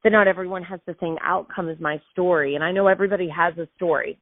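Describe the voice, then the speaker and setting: A woman in her thirties, host of her show, telling a personal story in a casual, emotional and animated way. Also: fairly low pitch, quick pace, dry recording. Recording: dry tinny phone-like sound.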